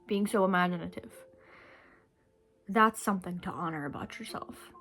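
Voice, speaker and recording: A young woman vlogger talks to camera in a fairly low, moderately paced voice that is a bit bright and slightly rough. Chewing candy as she speaks, she rambles reflectively and casually, growing emotional and sometimes dropping to a near whisper.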